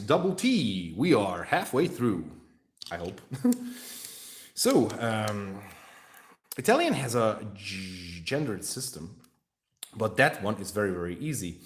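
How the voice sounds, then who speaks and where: A young man chatting casually on a live stream while painting miniatures, rambling, jokey and swearing freely. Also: on the low side.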